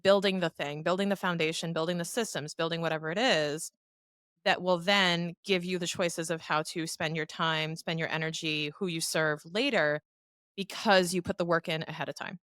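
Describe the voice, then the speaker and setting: A woman in her thirties, a finance professional guesting on a podcast, telling stories in a lively, chatty way. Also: on the low side, normal speed, clean tone, no echo, studio quality. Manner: animated storyteller who acts out quoted voices. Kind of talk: casual interview talk.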